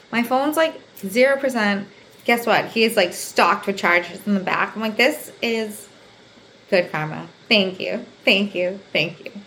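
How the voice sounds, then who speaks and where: A young woman hosting her own podcast, telling a story in a casual, animated way, swearing freely, filling her talk with "like" and acting out the people she quotes. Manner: animated, acts out quotes with big pitch jumps; swears freely, says "like" constantly. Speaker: podcast host. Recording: faint background noise.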